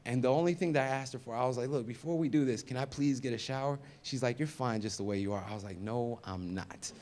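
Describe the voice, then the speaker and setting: A man in his thirties doing stand-up comedy, with a voice of ordinary pitch for a man. He tells long personal stories and jumps into the voices of the people in them. His delivery moves between loud punchlines and soft, muttered asides. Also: quick pace, slight background noise. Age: 30s. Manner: storytelling, acts out quoted voices, swings loud and soft.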